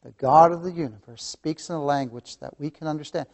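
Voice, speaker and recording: A man teaching a church Bible lesson, impassioned, swinging between loud emphatic lines and hushed asides, often repeating key phrases and calling listeners beloved. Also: fairly high pitch, brisk. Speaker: Sunday school teacher.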